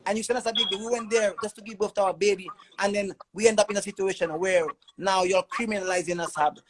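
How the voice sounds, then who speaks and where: High-voiced man giving urgent testimony. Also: steady tone, fast talker, fairly bright tone, poor audio. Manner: urgent, repeats words in long stammering runs. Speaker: father telling his story. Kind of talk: emotional personal testimony.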